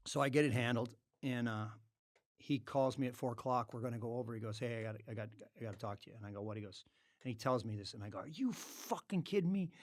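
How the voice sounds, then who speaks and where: A man's voice: medium pitch, fast, dry recording. Profane man telling stories. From Canada. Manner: animated, profane storyteller with loud outbursts. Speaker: podcast guest, former hockey player. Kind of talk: casual storytelling. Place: podcast studio.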